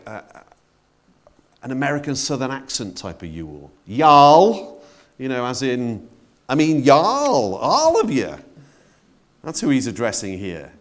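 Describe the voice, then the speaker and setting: A man delivering a sermon with a medium-pitched voice that rises and falls dramatically. He talks to the congregation directly and conversationally, letting his voice leap up when excited and drop low and quiet on serious points. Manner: expressive, conversational preaching with wide swings in pitch and loudness. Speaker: preacher.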